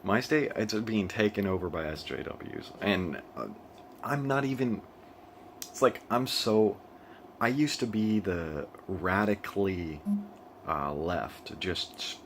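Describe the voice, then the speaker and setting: A young man from the United States talks off the cuff in a very low voice, tripping over his own sentences and laughing as he goes. A faint hiss of noise sits under the recording. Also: slow pace. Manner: rambling, with frequent restarts and laughs. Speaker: vlogger. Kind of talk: casual monologue. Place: living in Asia.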